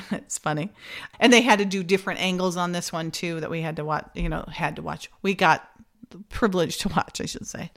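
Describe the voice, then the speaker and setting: A woman's voice: lowish voice, fairly bright tone. A woman hosting a podcast, casually retelling scenes and acting out the characters' lines with laughs. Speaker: podcast host recapping an episode.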